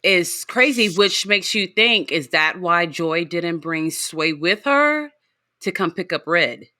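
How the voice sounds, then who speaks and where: Woman podcast guest, wry laughing commentary, bright lively voice, dry close sound. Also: on the low side, slow pace, no echo. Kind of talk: casual reality TV recap chat.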